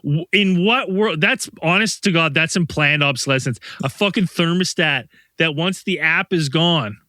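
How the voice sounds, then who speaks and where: Podcast co-host, man, foul-mouthed ranting storyteller, bright and dry sound. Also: on the high side, normal speed, no echo. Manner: profane, animated storyteller, ranting. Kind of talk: casual chat.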